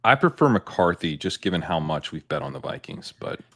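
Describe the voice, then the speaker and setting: Low-voiced easygoing podcast guest. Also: male voice, big pitch swings, brisk, a bit bright. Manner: easygoing, laughs often, dry asides. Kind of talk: casual podcast chat during a fantasy football draft.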